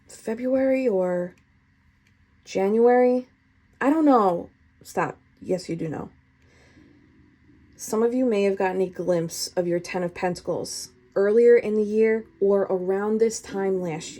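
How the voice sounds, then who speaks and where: Woman tarot reader, warm mellow tone, chatty, expressive and a bit profane. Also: mid-range voice. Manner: chatty and expressive, swears, laughs often. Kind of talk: casual tarot reading.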